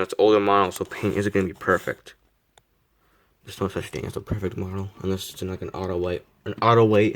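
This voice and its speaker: Rambling teenage boy reviewing a model car. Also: lowish voice. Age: teens. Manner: rambling, self-deprecating, many fillers and restarts. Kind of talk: casual review vlog.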